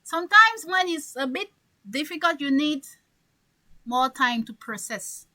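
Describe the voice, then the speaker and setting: Bright, high-voiced woman. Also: lively intonation, unhurried. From French-speaking Africa. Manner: stresses words by drawing them out, acts out examples. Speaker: English coach. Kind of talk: online English class.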